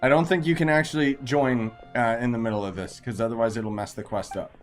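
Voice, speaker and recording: A young man talks over his gameplay at a mid pitch, trading sarcastic, slangy jabs at the story as he plays. His remarks are dismissive and offhand, as if he is barely impressed by anything on screen. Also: steady tone, brisk, soft background music. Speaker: gaming video creator. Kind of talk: casual gameplay commentary.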